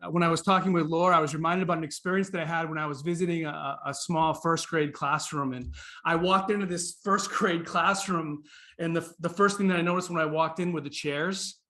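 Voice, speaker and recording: A man with a Boston accent, a guest on a podcast interview, who tells stories in an animated way and acts out the characters. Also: a little high, a little fast. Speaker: guest speaker.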